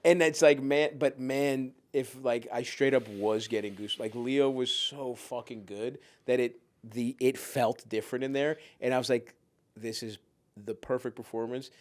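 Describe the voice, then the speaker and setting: A man talking casually as a podcast guest, excitable and profane, full of fillers and quick restarts. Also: mid-range voice.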